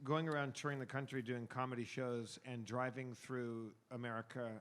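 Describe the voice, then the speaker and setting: Touring comedian, male, bright forceful tone, halting emphatic podcast talk. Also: mid-range voice, level tone. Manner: halting, repetitive starts, emphatic. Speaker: comedian guest. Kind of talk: casual podcast chat.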